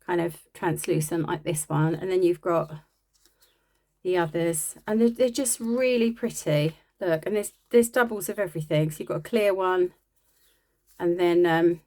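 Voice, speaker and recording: A woman's voice: on the low side, moderate pace, mellow. A woman chatting casually and rambling a little as she shows off her craft supply haul. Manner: chatty, rambling, self-deprecating. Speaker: crafting vlogger. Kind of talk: casual show-and-tell chat.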